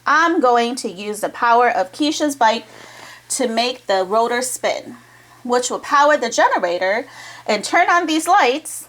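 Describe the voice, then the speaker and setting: A woman's voice: on the high side, animated, measured pace, fairly bright tone. A woman voicing an eager schoolboy inventor. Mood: earnest. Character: earnest determined schoolboy inventor.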